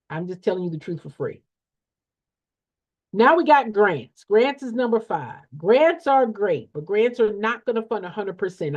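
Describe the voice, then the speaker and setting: A woman with a medium-pitched, slightly mellow voice coaches an audience on nonprofit funding in emphatic, motivational teaching. Blunt and preachy, she repeats her points and asks rhetorical questions in folksy, slangy language. The recording has a dull, lo-fi sound.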